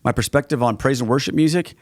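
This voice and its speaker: A man's voice: medium pitch, fast, no echo. A middle-aged man, a guest on a podcast, answering questions in an earnest, conversational way and often restarting his phrases. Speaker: guest, Catholic evangelist.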